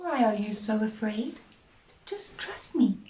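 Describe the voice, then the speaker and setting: A serene, unhurried man speaks softly to reassure his frightened friends, as a woman teacher voices him in a storybook retelling. When he turns to the storm, his words become short, firm commands. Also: high-pitched. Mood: calm. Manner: calm, quiet, then firm commands. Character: calm gentle man soothing frightened friends.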